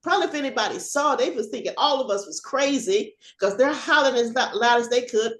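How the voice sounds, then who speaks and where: An older woman, a former police officer, telling a personal story on a video call, animated and acting out the shouting and laughter. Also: on the high side, brisk, echoey room.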